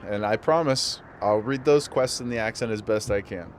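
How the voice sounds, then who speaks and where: A man's voice: on the low side, moderate pace, a little hiss or hum. A man streaming a game, chatting casually with viewers and laughing often. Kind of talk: casual live-stream chat while gaming.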